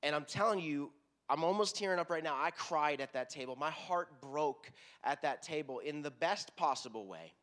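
Texan guy preaching, chatty and earnest, kinda higher voice, middle-aged worship pastor. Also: moderate pace. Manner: conversational, earnest, animated storytelling to a congregation. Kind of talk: sermon.

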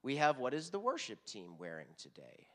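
A man's voice: mid-range voice, moderate pace. Earnest Texan man preaching. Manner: conversational, earnest, animated storytelling to a congregation. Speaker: worship pastor. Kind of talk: sermon.

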